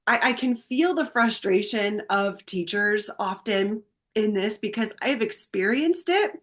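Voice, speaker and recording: A woman guest on a podcast, telling a personal story in a heartfelt, animated way. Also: medium pitch, a little slow.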